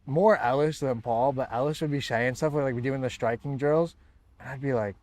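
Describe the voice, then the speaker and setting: A young American man from San Diego, a guest fighter, chatting casually and telling animated stories with frequent laughs. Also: medium pitch, normal speed. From San Diego, USA. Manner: laughs often, animated storytelling with many fillers. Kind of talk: casual chat.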